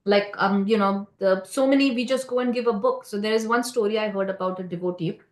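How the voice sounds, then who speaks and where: In a temple hall, a woman with a mid-range voice teaches a scripture class, and the sound is roomy. She tells stories conversationally but haltingly, with many fillers and restarts, often asking listeners "right?"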